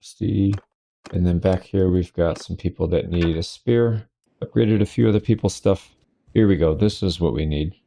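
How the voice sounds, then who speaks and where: A man with a low, mellow voice talks through his own gameplay in a laid-back, wry way. He gives casual let's-play commentary and reacts dryly as things go wrong. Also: moderate pace, creaky.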